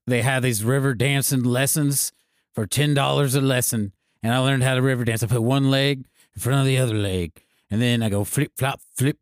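Man playing a drunk country singer, mumbling, hesitant, low soft drawl, dry close sound. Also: dry recording, close to an everyday voice. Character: boozy brooding male country singer, sheepish. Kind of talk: improvised comedy scene.

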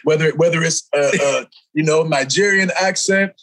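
A man with a high speaking voice, laughing through playful banter as a podcast co-host. He teases and jokes in a relaxed, casual chat. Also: moderate pace.

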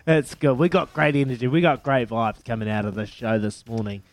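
A man with a New Zealand accent hosting a breakfast radio quiz, excitable and matey, laughing often. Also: medium pitch, a little fast, no echo. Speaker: radio breakfast show host. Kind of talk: lively radio quiz banter.

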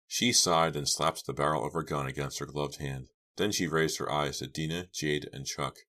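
A man narrating a horror novel audiobook in a measured, steady reading. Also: extremely low pitch. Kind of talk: scripted narration.

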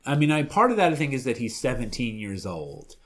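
A man co-hosting a casual recap podcast, full of quick jokes and banter. His pitch swings widely as he talks, lively and animated throughout. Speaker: podcast co-host.

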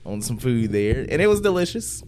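A man's voice: medium pitch, big pitch swings, brisk, darkish tone, a little hiss or hum. A man co-hosting a podcast who tells stories in casual banter and laughs often. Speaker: podcast co-host.

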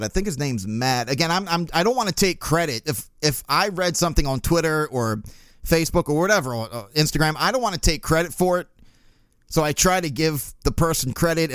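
A man's voice: fairly high pitch, dry recording, studio quality. A young man hosting a casual sports talk podcast, rambling in a sarcastic, exasperated way. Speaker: podcast host.

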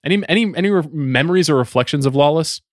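A man hosting a film podcast, steering the discussion in a measured, casual way. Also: a little high, expressive, dry recording, studio quality. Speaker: podcast host. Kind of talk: casual film-review chat.

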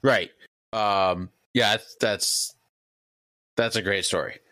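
A man's voice: fairly low pitch, steady tone, slow pace, bright, forceful tone, dry recording. A man co-hosting a casual podcast, reacting to a story with short wry comments. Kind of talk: casual chat.

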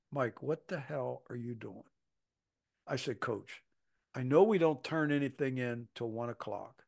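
A man's voice: medium pitch, creaky. A man in his seventies, a football coach, telling a story on a podcast, acting out the quoted voices with salty language. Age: 70s.

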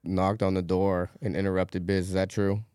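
A man co-hosting a casual podcast chat, with quick joking asides. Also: sits low, flat delivery, darkish tone, clean tone, no room sound, clean studio sound.

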